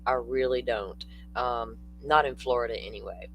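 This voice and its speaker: A man's voice: medium pitch, a little slow, a bit bright, a little hiss or hum, rough recording. An older man hosting a true-crime livestream, talking casually and bluntly, answering viewers in the chat.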